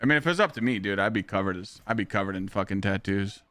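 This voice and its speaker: A young man with a lowish voice talks fast while streaming a game, the sound a bit bright and dry. Casual and rambling, he swears freely, reads the chat out loud, and answers what viewers ask.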